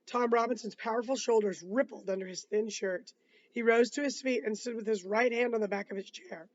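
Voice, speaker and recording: A man's voice: sits high, fairly quick, dull audio. A man reading a novel aloud, breaking off for casual asides and restarting words. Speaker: reader.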